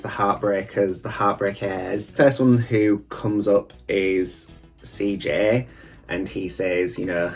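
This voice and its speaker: A man, a drag queen, chatting casually and campily with rambling asides as he reviews a TV show while getting ready at a mirror. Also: fairly low pitch. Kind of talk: casual reaction chat.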